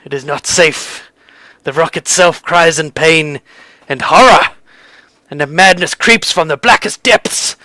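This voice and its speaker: A man voicing a grim male giant seer who speaks ominous prophecies, slow and drawn out. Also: a little high, pushed and bright, dry recording.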